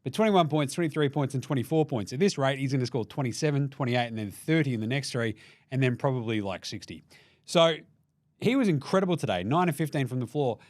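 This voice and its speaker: A man's voice: mid-range voice, expressive, fast, a little mellow, no echo. A young Australian man hosting a casual basketball recap, joking and swearing freely and acting out players' voices. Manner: profane, jokey, acts out players' voices. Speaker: basketball podcast host.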